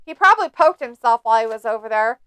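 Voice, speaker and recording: A woman's voice: a little high, lively intonation, fast, fairly bright tone, clean tone, no echo. A woman casually commenting on a wrestling match during a live stream, joking and mocking the wrestlers. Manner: snarky, jokey, mocking the wrestlers. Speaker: watch-along host.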